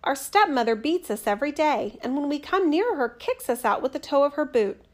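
A woman's voice: sits high, animated, fairly quick, voice pushed up. Woman doing a sad earnest little boy. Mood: sorrowful. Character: sad, thirsty young boy.

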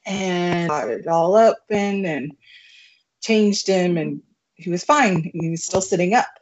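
A young woman telling a story as a podcast guest, animated and laughing, with plenty of fillers. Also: on the low side, measured pace. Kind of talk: casual storytelling. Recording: muffled lo-fi recording.

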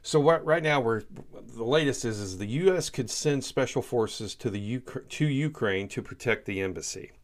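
A man's voice: mid-range voice, lively intonation, moderate pace. A man giving heated, emphatic political commentary, often repeating himself for emphasis. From United States. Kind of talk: opinionated solo commentary.

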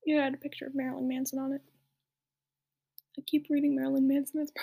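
High whispering young woman. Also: completely flat delivery, quick pace, gravelly. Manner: soft mocking whisper with asides. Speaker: reader. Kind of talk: whispered role-play.

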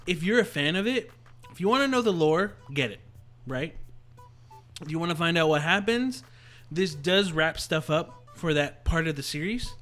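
A man with a slightly higher voice co-hosting a casual podcast, stating his opinions emphatically and swearing for emphasis. Faint music plays in the background. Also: lively intonation, moderate pace, fairly bright tone. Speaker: podcast co-host. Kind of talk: casual chat.

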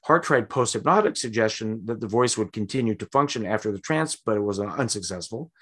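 A man hosting a casual podcast, recounting a history and acting out quoted lines with lively, exaggerated voices. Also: lowish voice, fairly quick. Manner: animated, acts out quotes with big voices. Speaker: podcast host.

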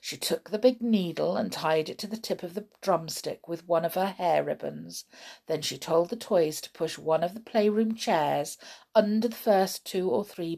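A woman reading a children's story aloud in an expressive way. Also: fairly low pitch, creaky.

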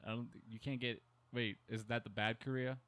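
A young man chatting on a podcast, joking around and laughing as he goes. His voice sits in a middle pitch. The sound is dry and close, with no room around it. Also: little pitch movement, a little fast, a bit bright, clean tone, no echo. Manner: joking, laughs often, slips into impressions. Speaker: podcast co-host. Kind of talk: casual chat.

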